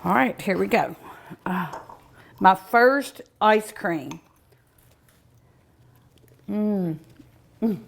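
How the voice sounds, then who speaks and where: A woman's voice: mid-range voice, animated, creaky, slight background noise. Leisurely woman cooking-show host, folksy and chatty, lingering over each taste with long mms. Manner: savoring, lots of drawn-out mms and ohs. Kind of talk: casual cooking show tasting. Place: outdoors at home by the pool.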